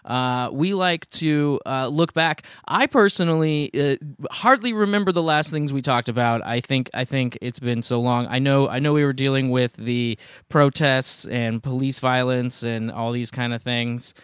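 An easygoing young man hosts a casual podcast, his smooth, clear voice pausing often on uh and um. The recording is close and dry, with no room sound. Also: medium pitch, fairly bright tone, no echo. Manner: easygoing, hesitant, many uh and um fillers. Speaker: podcast host. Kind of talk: casual chat. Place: home studio in Greenwood.

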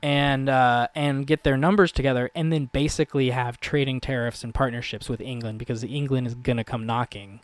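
A man's voice: medium pitch, steady tone, fairly quick, few pauses, no echo. A man co-hosting a podcast in casual chat, rambling and swearing, often laughing. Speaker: podcast co-host.

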